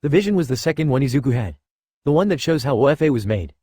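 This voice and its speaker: A man narrating a fan fiction story in a flat, hurried reading voice. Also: mid-range voice, slightly rough, no echo, clean studio sound.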